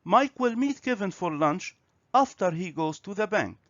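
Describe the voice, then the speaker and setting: A man teaching a grammar and pronunciation lesson on video, speaking slowly and clearly. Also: high-pitched, lively intonation, fairly bright tone, no room sound. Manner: slow, clear, instructive. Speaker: English teacher. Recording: dry, slightly dull recording.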